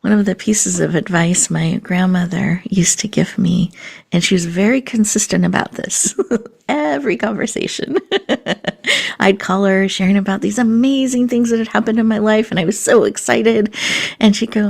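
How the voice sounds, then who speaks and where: A woman hosting a show and guiding listeners through a slow breathing meditation, often softening into a breathy half-whisper. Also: medium pitch. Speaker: host.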